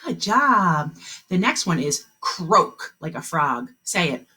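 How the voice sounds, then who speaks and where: A woman teaching a kindergarten phonics lesson on a video call, speaking slowly and encouragingly and stretching out the sounds of words for young children. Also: on the low side, sing-song, bright, forceful tone, slightly rough.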